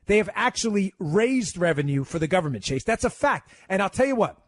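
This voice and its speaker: A man guest-hosting a talk radio show, taking calls and making his points with rapid-fire emphasis. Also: high-pitched, sing-song.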